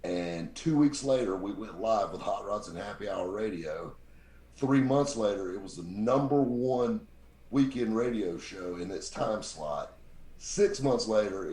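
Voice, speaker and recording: A man with a very deep voice, telling lively stories as a podcast guest and acting out the people he quotes. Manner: animated anecdote-teller, acts out quoted people. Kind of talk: casual storytelling. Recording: roomy echo.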